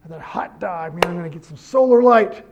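High-voiced man preaching a sermon. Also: fairly quick, dull audio, background noise. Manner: animated storytelling with self-corrections and rising emphasis. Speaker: pastor.

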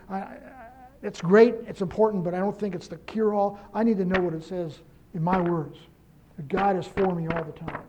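A man preaching a sermon, quoting scripture and telling a story with lively emphasis and self-corrections. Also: high-pitched, lo-fi sound. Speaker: pastor.

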